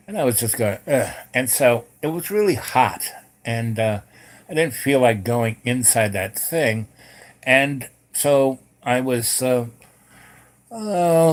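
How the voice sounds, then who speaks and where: Rambling man telling a story. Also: mid-range voice. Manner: rambling, many fillers and restarts. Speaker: host. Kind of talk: casual storytelling.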